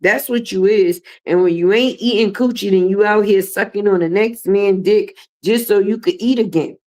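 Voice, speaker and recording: A woman's voice: mid-range voice, normal speed, mellow. A middle-aged woman hosting a livestream, talking in a blunt, profane, sassy way as she comments and chats with viewers. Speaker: livestream host.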